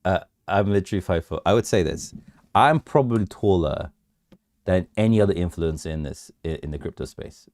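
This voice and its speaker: Low-voiced guy chatting on his crypto stream, jokey, laughs a lot, dry close sound. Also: expressive, brisk, a little mellow, dry recording. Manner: bantering with viewers, laughing often, lots of restarts. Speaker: crypto livestream host. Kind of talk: casual livestream chat.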